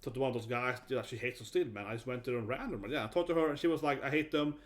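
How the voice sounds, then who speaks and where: A man's voice: medium pitch, very fast. A man in his thirties from Sweden with a Swedish accent, telling a story in a blunt, casual vlog. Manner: animated, blunt, swears and laughs often. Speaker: vlogger.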